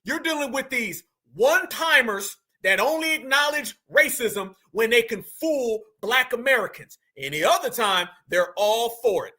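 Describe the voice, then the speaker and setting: Guy with a really high bright voice hosting reaction commentary, animated, slangy, talks right at his audience. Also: a little slow, few pauses. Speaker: commentary host.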